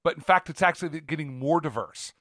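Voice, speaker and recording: A man from Northern California co-hosting a podcast, telling stories in an animated, rambling way. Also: fairly high pitch, fairly quick, dry recording, clean studio sound. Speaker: podcast co-host. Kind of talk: casual chat.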